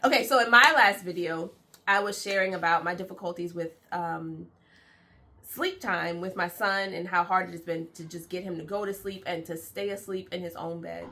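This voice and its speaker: A woman's voice: fairly low pitch, steady tone, moderate pace, pushed and bright. A woman co-hosting a parenting vlog, talking casually and upbeat, often laughing. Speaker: vlog co-host. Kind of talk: casual chat.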